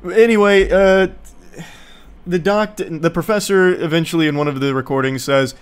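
A man's voice: on the high side, normal speed, clean tone. A young man giving casual, sarcastic movie commentary in a rambling, mocking way. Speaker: YouTube commentator.

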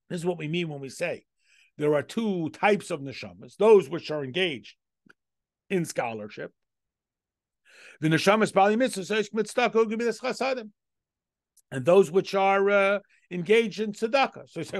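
A man's voice: high-pitched, lively intonation, normal speed, vocal fry, no room sound, clean studio sound. A man teaching a Torah lesson as a rabbi, reading Hebrew text aloud and explaining it step by step with rhetorical questions. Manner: reads Hebrew text aloud then translates.

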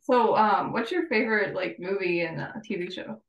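A woman's voice: mid-range voice, moderate pace, creaky, muffled recording. A woman interviewer asking casual, hesitant questions packed with "like". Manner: hesitant, filler-heavy "like" phrasing. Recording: echoey room, distant from mic.

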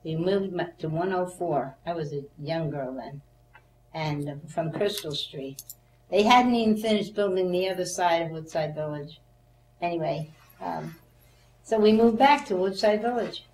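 An older woman being interviewed for an oral history, telling her memories as a lively storyteller who acts out the voices of the people in them and laughs often. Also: lowish voice, moderate pace. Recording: echoey room, voice a bit off-mic, faint hum.

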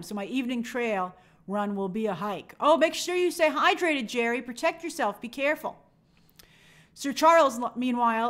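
A woman's voice: a little high, a bit bright. A young woman hosting a movie live stream, chatting upbeat and reading out viewer comments.

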